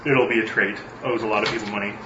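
A man's voice: on the low side, fairly even intonation, fast talker, lo-fi sound, background noise. A man playing in a tabletop game, bargaining cheekily and joking with the group. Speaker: player. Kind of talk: casual tabletop banter. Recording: roomy room sound.

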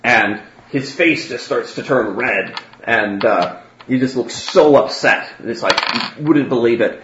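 A man's voice: mid-range voice, measured pace. A man narrating as game master, hesitant and full of fillers. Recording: roomy, dull, faint noise.

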